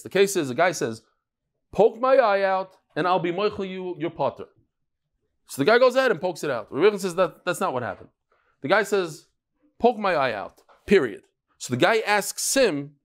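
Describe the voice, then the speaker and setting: A man with a high-pitched voice teaching a Talmud class. He is middle-aged and talks in a lively, joking way, with Hebrew and Yiddish terms scattered through his English. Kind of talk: Talmud lecture.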